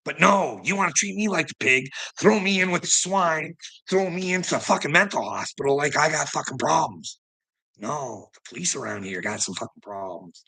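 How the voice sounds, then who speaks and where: A man with a gravelly voice in an angry, profane rant, laughing between lines and tagging sentences with "eh" and "you know what I mean". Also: on the high side, animated, moderate pace, pushed and bright. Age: adult, father of grown sons. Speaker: vlogger ranting to camera.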